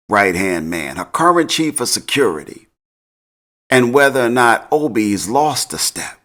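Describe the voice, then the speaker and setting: A man's voice: lowish voice, fairly bright tone. A man casually recapping a TV episode in slang, laughing often. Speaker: TV recap host.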